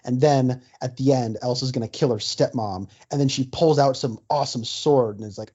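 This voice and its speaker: A man's voice: mid-range voice, fast talker, few pauses, mellow, breathy edge. A man co-hosting a casual podcast, hesitant and thinking aloud, full of fillers. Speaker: podcast co-host. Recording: dull lo-fi audio.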